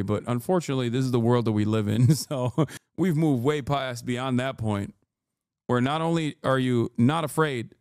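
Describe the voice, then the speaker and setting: A man in his thirties reacts to clips on a live stream in a casual, sarcastic way. He mocks what he hears and laughs often. His voice sounds dry and close, at an average pitch. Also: a little mellow, no echo.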